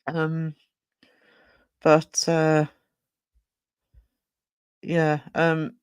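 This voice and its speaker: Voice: medium pitch, completely flat delivery, very slow, smooth, no room sound. A live-stream host chatting casually and rambling, thanking viewers and reading chat aloud with many fillers and restarts. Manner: frequent fillers and self-corrections.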